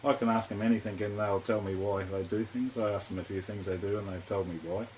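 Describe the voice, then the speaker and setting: A man's voice: lowish voice, fairly even intonation, fast talker, darkish tone, slight background noise, rough recording. A man as a podcast guest in a studio, speaking hesitantly with many fillers and restarts. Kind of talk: casual interview chat.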